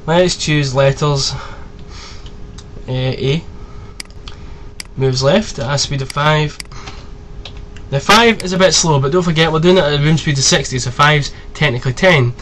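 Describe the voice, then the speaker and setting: Brief: young man in his twenties, higher pitch, casual swearing tutorial host, faint background hiss. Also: fairly bright tone. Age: 20s. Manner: chatty, rambling, swears freely. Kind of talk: casual screen-recorded tutorial.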